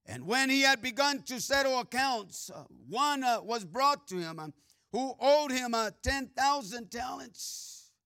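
A man delivers a sermon in a high, bright voice, reading scripture in sing-song swells. He speaks slowly and fills his phrases with "uh" and "amen." The sound is dry and close. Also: animated, no echo. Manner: frequent filler "uh" and "amen" asides. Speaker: preacher.

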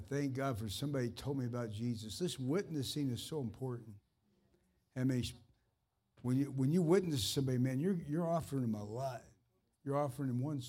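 Talking straight to a single listener, this earnest man offers informal preaching and personal ministry in a plain, conversational flow. His voice is mellow and fervent, pitched in the ordinary middle range, neither deep nor high.

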